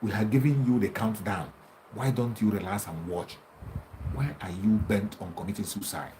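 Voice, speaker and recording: A man's voice: lowish voice, normal speed, mellow, a little hiss or hum, low-quality recording. A man giving an impassioned political monologue, taunting and repeating himself as he challenges his opponents. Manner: combative, taunting, repetitive. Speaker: activist commentator.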